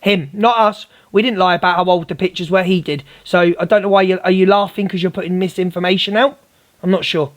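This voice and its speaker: High-pitched and brisk, with fairly even intonation, a man hosting a livestream goes on a heated rant. He confronts a woman in his audience and keeps calling her darling.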